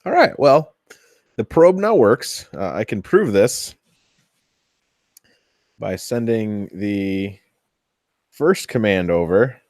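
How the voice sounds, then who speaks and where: A man hosting a casual workshop build vlog, chatty and thinking aloud as he tests his machine, easily excited when something works. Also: on the low side, slow pace, pauses often, dry recording, clean studio sound. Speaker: 3D printing hobbyist host.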